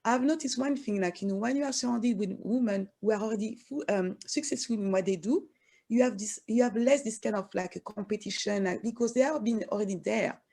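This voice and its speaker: A French woman speaking English with a strong French accent as a panelist, talking haltingly with many fillers and restarts. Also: medium pitch, gravelly, dark tone. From France. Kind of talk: panel discussion.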